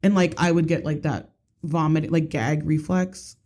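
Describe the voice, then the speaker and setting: A woman's voice: low-pitched, fairly even intonation, unhurried, a little mellow. A woman in her thirties, a podcast co-host telling family stories in casual chat and swearing freely. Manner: chatty storyteller, swears casually.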